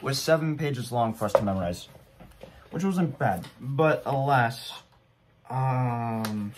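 A man's voice: medium pitch, slow pace, noisy background. Young guy rambling about his performance, casual, self-mocking. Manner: rambling, chatty, self-deprecating. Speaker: vlogger. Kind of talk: casual commentary.

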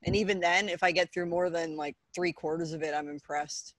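A woman's voice: lowish voice, fairly even intonation, fairly quick, slight background noise. A woman talking as a guest in a casual podcast chat, frank with dry humor.

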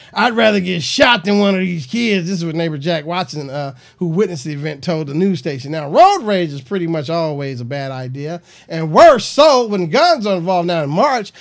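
A comedian hosting his own show, riffing on a news story in a loose, rambling way. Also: sits high. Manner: animated, rambling with fillers. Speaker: comedian host.

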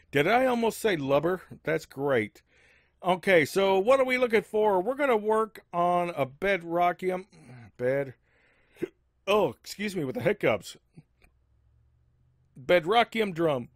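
A man hosting a game let's-play in casual, rambling commentary with many asides, speaking above his natural low register. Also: no room sound, studio quality. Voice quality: rambling, lots of fillers and asides.

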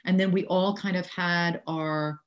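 Low-pitched American woman, 60s, New Yorker; lively storyteller who laughs as she talks. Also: unhurried, dull audio. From New York City. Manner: animated anecdotes, frequent laughter. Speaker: actress, interview guest. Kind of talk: casual storytelling interview.

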